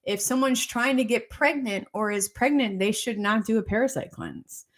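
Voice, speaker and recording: A woman's voice: on the high side, moderate pace. Chatty woman doctor explaining things. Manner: repetitive, keeps checking in with "okay?" and "right?". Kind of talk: casual health talk explaining a protocol.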